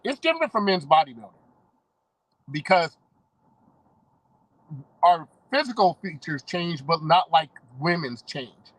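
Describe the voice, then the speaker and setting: A man with a high, lively-sounding voice chats casually as a podcast co-host. He rambles enthusiastically. The recording is dry and close. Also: a little slow, no echo, poor audio. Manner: rambling, enthusiastic, laughs often. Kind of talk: casual chat.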